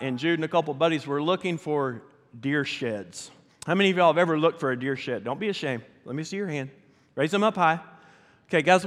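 A man preaching a storytelling sermon, animated and talking straight to his congregation. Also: fairly high pitch. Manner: animated, addresses the congregation directly. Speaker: pastor. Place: church sanctuary. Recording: long reverb of a church hall.

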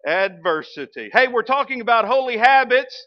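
A man, a pastor telling a story in a sermon, folksy and animated. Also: very high-pitched, moderate pace, muffled recording. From Arkansas, US. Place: church sanctuary.

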